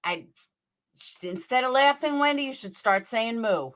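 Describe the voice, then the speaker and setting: A woman host reacting to clips, furious and sarcastic, swearing through a rant. She talks slowly and deliberately in a slightly higher register. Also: animated, fairly bright tone.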